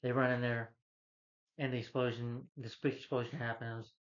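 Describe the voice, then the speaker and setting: A man's voice: medium pitch, flat delivery. Rambling man retelling a movie plot. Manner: rambling, halting, full of "you know" and restarts. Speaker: movie reviewer. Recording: slightly dull lo-fi recording.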